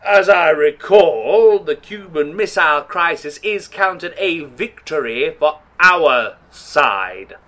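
A man's voice: fairly high pitch, animated, takes it slowly, few pauses, pushed and bright, exaggerated voice. An actor playing a righteous, pompous male archangel with formal, lofty speech in an audio drama.

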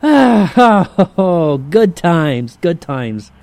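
A man's voice: high voice, sing-song, drawn-out words, darkish tone, no room sound, full character voice. A man playing a brash wisecracking demon. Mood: gloating. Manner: brash slangy banter, chuckling. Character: wisecracking male demon, sleazy and jovial. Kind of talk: audio drama acting.

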